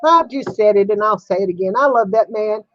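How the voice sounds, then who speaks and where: A woman with a medium-pitched voice talks a little fast; the audio is dull, with no echo. An older woman hosting a livestream from home, she chats casually with viewers, answering them and laughing often in a folksy way.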